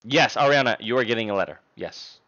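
Bright, lively young male streamer on muffled stream audio. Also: mid-range voice, quick pace. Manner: playful, jokey, thanks viewers by name. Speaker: live streamer. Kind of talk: casual stream chat.

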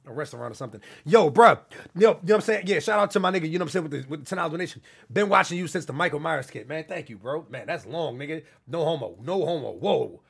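A young man from New York talks quickly and casually on a live stream, shouting out donors in street slang. His voice is gravelly and forceful, with a rough, raspy edge, and sits a little high for a man. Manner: loud, hyped shout-outs to donors in heavy street slang. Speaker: livestreamer. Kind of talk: casual livestream chat reading out donations.

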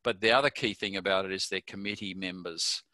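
A man's voice: sits low, steady tone, a little fast, pushed and bright, no room sound. An older Australian man being interviewed, telling a chatty anecdote and chuckling at his own story. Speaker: interview guest.

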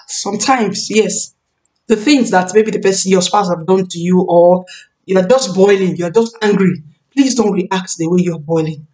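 A woman in her thirties preaches a sermon on marriage, her voice set in a middle register. She leans on repetition and slows down to hammer home key words. She sits a little back from the microphone. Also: medium pitch, a little mellow. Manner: emphatic, repeats key phrases, slows to stress words. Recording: voice a bit far from the mic.

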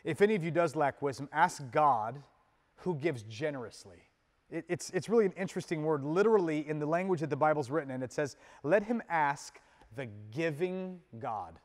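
A male pastor delivers a sermon with a fairly high voice. He swings from loud, emphatic peaks to soft, intimate asides, keeping a casual, conversational manner. The sound carries a long hall reverb, as in a church sanctuary. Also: lively intonation. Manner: conversational, with casual fillers and quick laughs.

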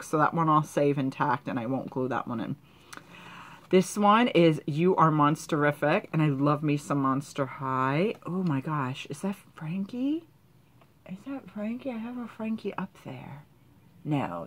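A young woman vlogger chatting excitedly as she opens gifts, gushing and gasping often. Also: mid-range voice. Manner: gushing, gasps and squeals often. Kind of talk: excited unboxing chat.

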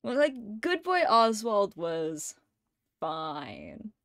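A young adult woman streamer in casual chat, gushing like an excited fan and swearing and laughing often. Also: mid-range voice, very slow, creaky, no echo, studio quality.

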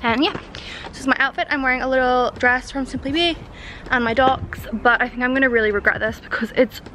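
A woman's voice: high-pitched, fairly even intonation, a little fast, bright, forceful tone, slight background noise, rough recording. A young woman in her twenties chatting casually to camera in a vlog, bubbly and rambling. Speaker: vlogger.

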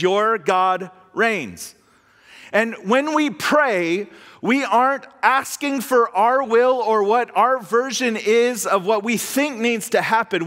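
Lively high-voiced male pastor preaching. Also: in a large hall. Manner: conversational, animated, voices God humorously. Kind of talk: sermon. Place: church hall.

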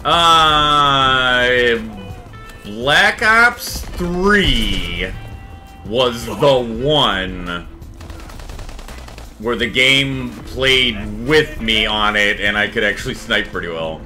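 A man streaming a shooter game, chatting casually, animated and swearing freely. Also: mid-range voice, very slow, faint music behind. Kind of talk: casual gaming chat.

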